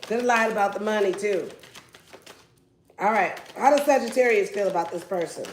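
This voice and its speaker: Brief: brash, profane woman tarot reader, average pitch, roomy echo. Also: normal speed, slight background noise. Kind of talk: casual tarot reading.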